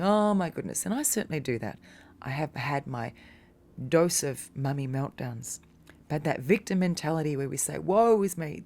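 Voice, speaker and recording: Low-voiced encouraging meditation teacher woman. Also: dark tone. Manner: encouraging, speaks directly to the listener. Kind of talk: casual motivational talk.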